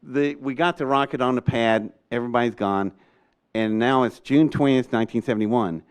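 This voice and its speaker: Older male storyteller, animated and chatty, laughs his way through the tale, mid-pitched. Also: normal speed, smooth. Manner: lively, laughs often, acts out quoted people. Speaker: speaker recounting a rocket test.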